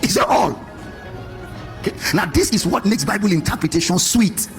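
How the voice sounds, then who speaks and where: A man preaching with a high, bright voice that leaps up and down. He questions his listeners and stretches key phrases into a sing-song. Faint music sits under his voice. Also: normal speed. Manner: animated, questioning the congregation, sing-song emphasis. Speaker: pastor. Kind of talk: sermon.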